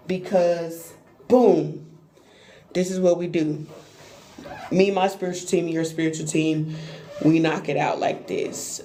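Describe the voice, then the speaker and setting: A woman tarot reader chatting on a live stream, animated and playful, talking straight to her viewers. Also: lowish voice. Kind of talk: live-stream spiritual reading chat.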